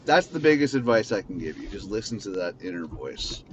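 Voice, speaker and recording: A man's voice: on the low side, very animated, brisk, slight background noise. A man hosting a podcast from his car, talking in a blunt, rambling way and swearing freely. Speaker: podcast host. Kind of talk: casual unscripted monologue.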